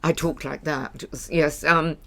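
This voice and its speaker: A woman's voice: sits low, fairly even intonation, unhurried, creaky, a bit bright. An older woman from Scotland with a Paisley accent, hosting a casual chat, blunt and teasing. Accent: Scottish, Paisley. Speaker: podcast host.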